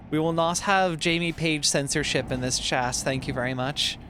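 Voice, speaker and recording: A young man streams a driving game and chats casually with his viewers, reading their messages aloud. His voice sits a little high and his manner is playful and easygoing. A steady truck engine rumble from the game runs behind him. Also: normal speed, hardly any pauses. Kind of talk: casual live-stream chat while gaming.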